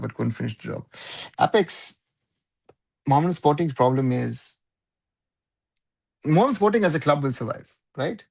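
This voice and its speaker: A man's voice: medium pitch, gravelly, breathy edge. A man hosting a live football talk show, giving opinionated commentary in a conversational way and often checking in with "right?".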